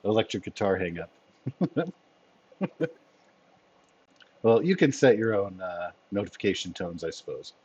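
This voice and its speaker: A man running a tabletop game as game master, narrating in a relaxed, thoughtful, joking way over an online session. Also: deep voice, moderate pace, breathy edge, muffled recording. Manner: relaxed, thoughtful, given to jokes. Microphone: home computer mic over voice call.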